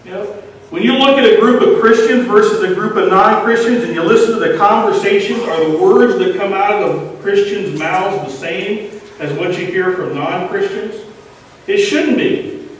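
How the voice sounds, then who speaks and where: Man, earnest sermon delivery, high register, distant mic with long hall reverb. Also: moderate pace. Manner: earnest, questioning the congregation. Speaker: lay speaker. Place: church sanctuary. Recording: echoey church hall from far off.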